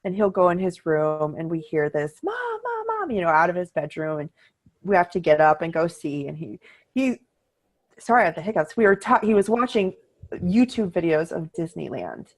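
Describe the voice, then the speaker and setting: A middle-aged woman co-hosting a podcast, chatting casually and telling animated, upbeat stories. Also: on the low side, normal speed. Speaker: podcast co-host. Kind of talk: casual chat.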